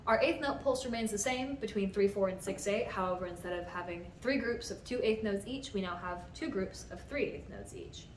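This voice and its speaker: A woman's voice: medium pitch, brisk, hardly any pauses, slight background noise. A young woman composer explaining the theory behind her own piece in a patient, methodical way, sometimes counting beats aloud. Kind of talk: explanatory music-theory talk. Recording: roomy sound from a distant mic, music underneath.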